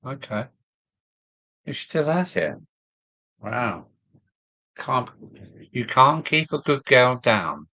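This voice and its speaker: Older southern english host, slow rambling live-stream chat, dry close sound. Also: male voice, medium pitch, big pitch swings, pushed and bright, no room sound. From southern England. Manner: rambling, chuckling, reading viewer comments aloud. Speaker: model railway live streamer. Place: home loft.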